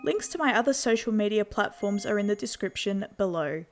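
A woman narrating a horror story in a slow, measured storytelling manner. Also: mid-range voice, expressive, loud music behind the voice.

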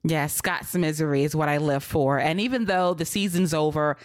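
A woman co-hosting a casual wrestling podcast, animated and teasing, talking in an exclamatory way. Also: sits low, normal speed, dry recording, studio quality. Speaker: podcast co-host.

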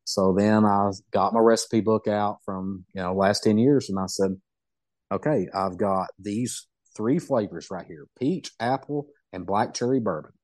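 Guy rambling thru a story, low voice, folksy, dry sound. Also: unhurried, a little mellow, no echo. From Southeast Kentucky. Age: middle-aged. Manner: folksy, rambling, self-amused. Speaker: podcast guest. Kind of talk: casual storytelling.

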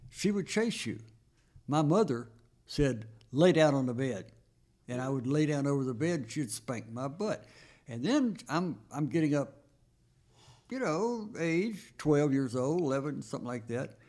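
A man's voice: on the high side, very animated, a little slow, darkish tone. An older man, the host's father, telling stories of his childhood emphatically in a casual family conversation. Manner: emphatic storyteller.

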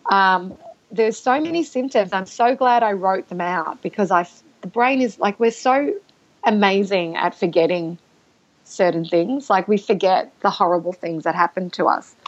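A woman guest telling a personal story in conversation, halting and emotional, with restarts and throat-clearing. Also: medium pitch. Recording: dull lo-fi recording.

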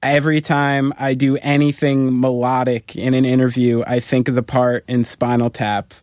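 A man's voice: medium pitch, flat delivery, normal speed, a little mellow. Laid-back man telling a story. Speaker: guest co-host. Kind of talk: casual podcast chat.

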